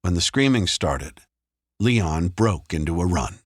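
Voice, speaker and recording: A man narrating a thriller audiobook in a measured, even storytelling manner. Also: low-pitched, no echo. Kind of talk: scripted narration. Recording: dry close studio sound.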